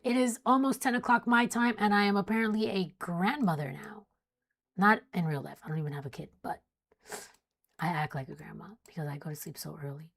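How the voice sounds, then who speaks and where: A woman's voice: on the low side, fairly even intonation, fairly quick, creaky. Young woman, weather stream host, casual and chatty, yawning late at night. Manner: chatty, reads warnings then jokes with chat. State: sleepy, yawning. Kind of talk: casual live weather coverage.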